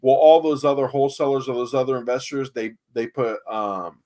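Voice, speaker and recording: A man's voice: medium pitch, fairly even intonation, brisk, dark tone. A man from San Antonio, Texas, telling rambling stories about real estate deals in a casual podcast chat, acting out the dialogue. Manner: rambling storyteller, acts out quoted dialogue, many fillers.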